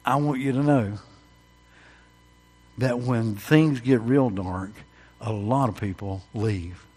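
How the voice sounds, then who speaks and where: A husky-voiced man preaches to his congregation at an evening church service. His words ring through a long, echoing hall, jumping to loud emphatic calls and then sinking to near-hushed confessions. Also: medium pitch, slow. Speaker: pastor. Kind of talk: sermon.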